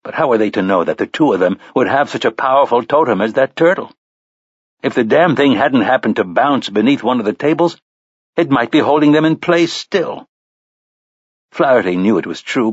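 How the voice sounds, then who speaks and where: Male audiobook narrator, mid-range husky voice, measured delivery, dry and slightly muffled recording. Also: mid-range voice, no echo. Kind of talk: scripted narration.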